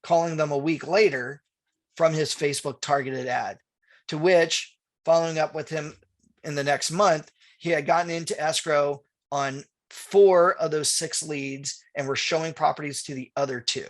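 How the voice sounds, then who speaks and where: Higher-pitched man telling a training story. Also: steady tone, normal speed. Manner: storytelling, acts out dialogue, answers viewer questions. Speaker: real estate marketing trainer. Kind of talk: webinar presentation with anecdote and Q&A.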